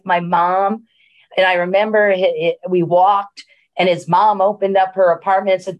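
A woman's voice: medium pitch, moderate pace. A middle-aged woman, a senior living executive, telling a story in a casual interview with many fillers and restarts.

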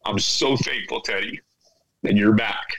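A man speaking to his old teammates, tearful, halting and repeating himself as he pours out heartfelt thanks and apology. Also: fairly low pitch, vocal fry, a crowd in the background, low-quality recording. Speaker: former teammate, guest. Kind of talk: emotional heartfelt confession.

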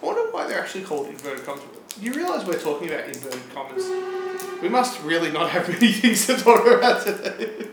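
A man's voice: sits high, very animated, fast talker, reverberant, slight background noise. A man co-hosting a podcast, teasing his friend in a dry way and laughing often. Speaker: podcast co-host. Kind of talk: casual chat.

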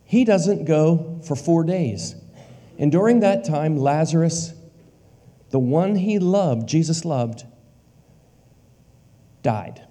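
A man preaching with emphasis, his voice pitched a little high but dark and mellow in tone. He repeats phrases for weight and sinks to a near whisper on key words. The sound carries a long, lingering reverb, as in a large church hall. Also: lively intonation, takes it slowly, long pauses. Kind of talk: sermon.

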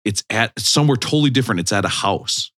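A man's voice: lowish voice, fast, no room sound, clean studio sound. A middle-aged man co-hosting a podcast, telling stories in casual chat and acting out the lines he quotes. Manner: animated anecdotes, acts out quoted lines. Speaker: podcast co-host.

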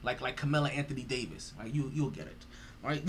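A man's voice: mid-range voice, a little fast, background noise. A man hosting a sports podcast, ranting in a profane, mocking way and laughing often. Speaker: podcast host.

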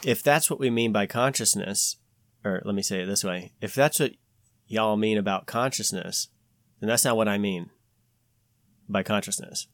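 A man hosting a podcast, talking in a rambling, animated way with many restarts. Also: lowish voice, normal speed, long pauses, dry recording, clean studio sound. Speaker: podcast host. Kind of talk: casual podcast chat.

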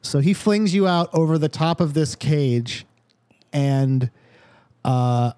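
Man, dungeon master, laid-back, warm mellow tone, dry close sound. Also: a little high, steady tone, slow pace, clear, resonant tone, no echo. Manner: laid-back, swears casually. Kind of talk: narrating a tabletop game.

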